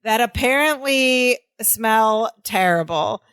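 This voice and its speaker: A woman co-hosting a podcast, calmly retelling a sitcom scene in a casual chat. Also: fairly high pitch, slow pace, clean tone, no room sound. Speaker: podcast co-host.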